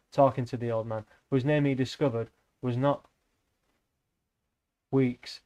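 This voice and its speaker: A man's voice: mid-range voice, darkish tone. A man reading a novel aloud on a live stream, breaking off often for rambling, joking asides to his chat.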